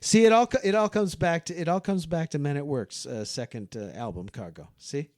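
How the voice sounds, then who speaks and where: A man's voice: a little high, a little fast, a little mellow, no room sound, clean studio sound. A man guesting on a podcast, eagerly talking through a film and acting out scenes as he goes. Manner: enthusiastic, acts out film scenes. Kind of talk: casual film discussion.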